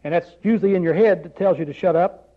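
A man's voice: high voice, fast, narrow, tinny audio. A man preaching a sermon in a conversational way, often asking the congregation rhetorical questions.

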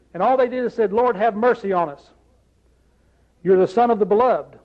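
A man's voice: high voice, normal speed, highs cut off. A man preaching a sermon in a conversational way, often asking the congregation rhetorical questions.

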